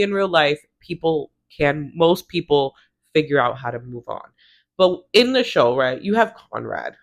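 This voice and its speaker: A woman in her thirties casually recapping a TV show, quoting characters in quick voices and laughing often. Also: sits low. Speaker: recap vlogger.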